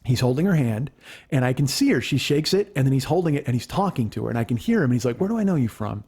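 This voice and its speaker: A middle-aged man casually telling a story as a podcast host, animated and profane, acting out what others said. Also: medium pitch, fast talker, husky. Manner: animated, profane, acts out quotes.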